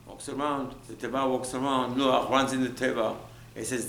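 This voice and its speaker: A man giving a sermon as a rabbi, animated, often jumping up in pitch to mock people. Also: normal speed, gravelly. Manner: animated, acts out mocking voices, jumps high in pitch. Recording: echoey room with faint ambient noise.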